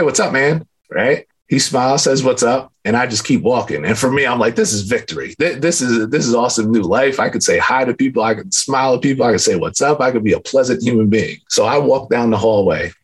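A man in his thirties sharing a personal faith testimony in a casual, earnest way, with lots of filler words and lively retelling. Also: fairly low pitch, slightly rough. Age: 30s.

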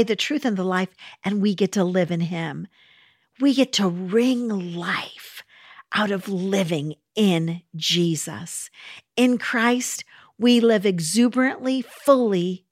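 Woman preaching, earnest and encouraging, slow, kinda high voice. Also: no echo, clean studio sound. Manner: earnest, encouraging, with emphatic repetition. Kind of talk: sermon.

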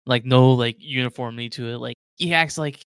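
A man's voice: mid-range voice, a little fast, clear, resonant tone, no echo, clean studio sound. A man running a tabletop game as game master, narrating in a rambling way with many fillers.

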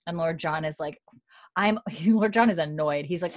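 A young woman casually recapping a TV episode, slipping into quick character voices, with plenty of fillers and the odd swear. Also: deep voice, dry recording. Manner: retells scenes in quick, mocking character voices; casual and profane, with many fillers. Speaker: podcast host recapping a TV episode. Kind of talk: casual chat.

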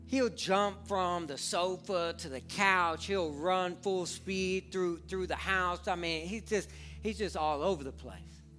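Impassioned preacher, bright forceful male voice. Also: high-pitched, slow pace, faint music behind. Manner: impassioned, swinging from hushed earnestness to fervent near-shouting. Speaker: pastor. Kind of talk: sermon.

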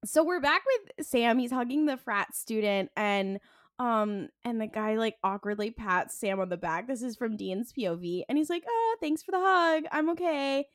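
A woman's voice: medium pitch, normal speed, dry recording, clean studio sound. A young woman co-hosting a podcast, casually recapping a TV episode, acting out the characters' lines and laughing often. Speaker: podcast co-host.

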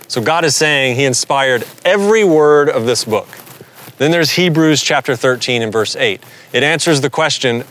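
A man with a Southern American accent preaching a Bible lesson in an average-pitched voice. He talks earnestly and pushes his voice up to stress the key questions. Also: a bit bright. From United States. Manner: earnest, builds to emphatic rises. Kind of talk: sermon-style Bible teaching.

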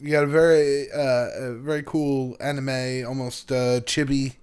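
A podcast co-host chatting casually, excitable and quick to burst into loud outbursts. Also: medium pitch, clean tone. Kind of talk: casual chat.

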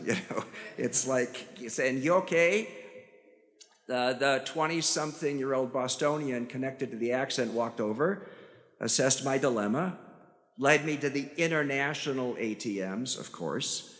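A priest with a Chicago accent preaching a sermon, telling stories with self-deprecating humor. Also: male voice, medium pitch, fairly bright tone. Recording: church hall reverb.

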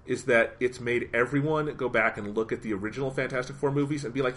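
A man's voice: mid-range voice, fast, few pauses, a bit bright. A young man co-hosting a podcast, giving opinionated movie talk in casual chat. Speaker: podcast co-host.

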